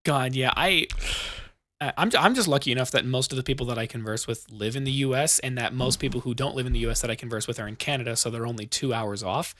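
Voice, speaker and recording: A man's voice: mid-range voice, quick pace, bright, forceful tone, no room sound, clean studio sound. A young American man hosting a casual chat, rambling and swearing freely. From United States. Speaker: podcast host.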